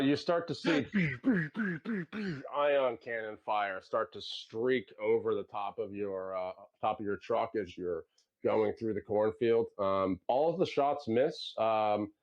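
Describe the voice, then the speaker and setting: A man narrating a tabletop game as game master, in a loose, halting way with many fillers. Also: on the low side, a little mellow. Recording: dull lo-fi sound.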